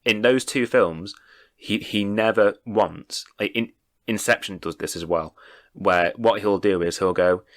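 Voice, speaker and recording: A man with a very low voice talks through a film in casual podcast chat. He co-hosts the show and is opinionated, explaining his views at length. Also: unhurried. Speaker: podcast co-host.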